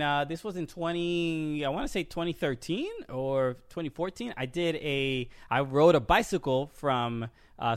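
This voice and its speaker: A man's voice: fairly high pitch, clear, resonant tone, no echo, clean studio sound. Rambling man telling a stand-up story. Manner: rambling, halting, many fillers and restarts. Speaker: stand-up comedian, podcast co-host. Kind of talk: casual chat, storytelling. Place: live-streamed podcast studio.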